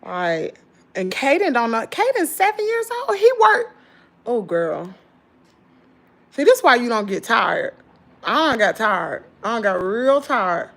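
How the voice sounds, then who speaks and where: A tired woman in her thirties with a Southern US accent, venting in casual chat to her viewers, swinging from loud exclaims to low muttering. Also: big pitch swings, measured pace, creaky. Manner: folksy slangy talk, addresses viewers as y'all. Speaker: channel host.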